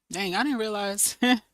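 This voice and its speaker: Hoarse woman chatting on a livestream. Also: medium pitch, a bit bright, dry recording, poor audio. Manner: chatty, greets viewers by name, loose and familiar. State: hoarse, losing her voice. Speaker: livestream host. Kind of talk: casual livestream chat.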